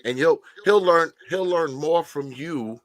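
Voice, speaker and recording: Easygoing and unhurried, this man in his fifties, a grandfather, chats casually on a podcast, peppering his talk with "you know" and plenty of swearing. His pitch is fairly high.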